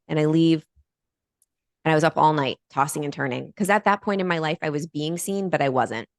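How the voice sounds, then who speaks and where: A woman guest on a podcast telling a personal story in a lively, animated way. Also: sits low, a little fast, no echo, studio quality. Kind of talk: storytelling in conversation.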